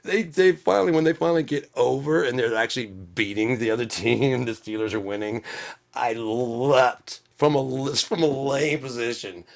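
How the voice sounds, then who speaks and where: A man's voice: mid-range voice, moderate pace, gravelly. A man telling a comic story in a casual, profane way, acting out what people said. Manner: profane, animated, acts out quotes. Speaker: channel host.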